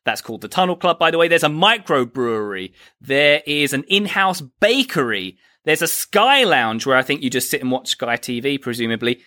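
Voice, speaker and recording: Bright-voiced male quiz host. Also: medium pitch, expressive, moderate pace. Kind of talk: casual comedy podcast chat.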